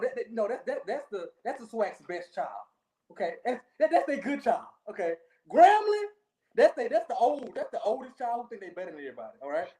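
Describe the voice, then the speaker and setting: Woman, podcast co-host, high voice, warm mellow tone, casual sports chat, laughs a lot. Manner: animated storyteller, keeps repeating okay, laughs often.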